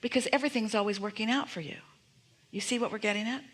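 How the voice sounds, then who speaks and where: A woman's voice: a little high, fast, a bit bright. Emphatic woman teaching a seminar. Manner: speaks as "we", emphatic repeated affirmations, rhetorical questions. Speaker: seminar speaker. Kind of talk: motivational teaching to an audience.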